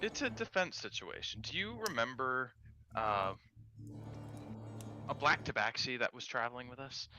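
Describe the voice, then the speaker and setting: A man's voice: mid-range voice, lively intonation, moderate pace, long pauses, bright, forceful tone, soft background music, rough recording. A man running a tabletop game as game master, asking the players questions. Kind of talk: tabletop role-play.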